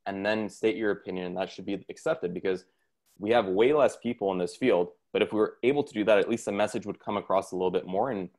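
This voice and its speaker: A man's voice: on the low side, fast, darkish tone. A man hosting a podcast interview, asking rambling questions full of fillers. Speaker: podcast host.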